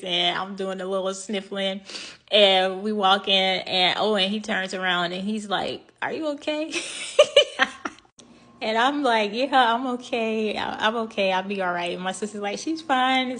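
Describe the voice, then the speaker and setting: A young woman recounts a trip in a relaxed storytime vlog. She talks in a loose, chatty way, full of fillers and restarts, and laughs now and then, in a mid-pitched voice.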